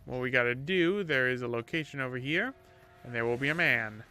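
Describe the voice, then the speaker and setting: A man's voice: mid-range voice, fairly quick, pushed and bright, faint music behind. A young man casually commenting on a game he plays, chatty and playful, often trailing into mumbles. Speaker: let's-play host.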